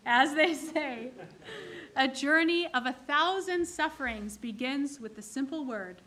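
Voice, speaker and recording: A woman's voice: high voice, a little slow, a bit bright. A woman from the clergy giving a sermon in a synagogue, telling jokes and acting out their characters. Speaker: clergy leading a service.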